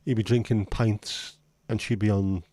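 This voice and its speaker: A man's voice: lowish voice, steady tone, unhurried, mellow, no echo. A man hosting a livestream in casual, rambling chat, blunt and now and then swearing. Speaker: livestream host.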